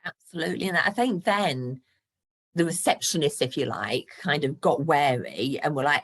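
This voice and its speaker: A woman in her sixties with a notably low voice, chatting frankly as a podcast guest. She talks openly and laughs between points. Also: brisk, breathy edge. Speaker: guest, property investor. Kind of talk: casual podcast interview.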